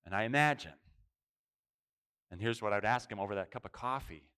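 A man's voice: on the low side, fairly quick, bright, forceful tone, clean tone. A man preaching a sermon, reflective, asking rhetorical questions and stressing single words. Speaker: pastor.

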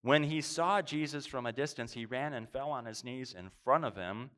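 A man's voice: mid-range voice, moderate pace, fairly bright tone. A man preaching a sermon, reading scripture aloud and stretching out key words for emphasis.

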